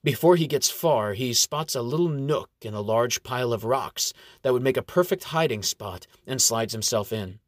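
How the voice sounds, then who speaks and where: A man reading a fantasy story aloud in a steady, measured storytelling voice. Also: medium pitch, dry recording. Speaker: narrator. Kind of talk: audiobook fantasy narration.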